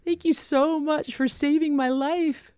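A woman's voice: high-pitched, steady tone, unhurried, dark tone, no echo, clean studio sound, pitched above the performer's own voice. A woman voicing a thin, emotional seventy-two-year-old man full of gratitude. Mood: grateful. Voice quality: thin, shaky. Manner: grateful, choked up.

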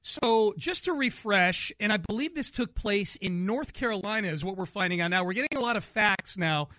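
Bright high-voiced male radio host. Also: lively intonation, normal speed, dry recording, studio quality. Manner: chatty, laughing often. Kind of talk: casual radio talk.

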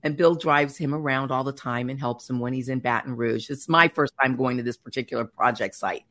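A middle-aged woman hosting a talk show, telling a personal faith story in an earnest, animated way with many fillers. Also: extremely low pitch, fairly quick.

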